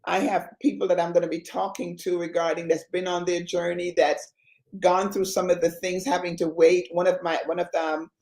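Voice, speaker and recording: A woman's voice: on the low side, flat delivery, fairly quick, darkish tone. A woman hosting a Christian talk show, speaking with an emotional, exhorting preacher's cadence. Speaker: ministry talk show host. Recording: roomy echo.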